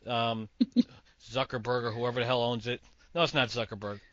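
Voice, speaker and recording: A man's voice: medium pitch, steady tone, normal speed, a bit bright, dry recording, lo-fi sound. A man from Massachusetts hosting a podcast, giving opinionated, rambling movie takes. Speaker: podcast host. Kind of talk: casual movie chat.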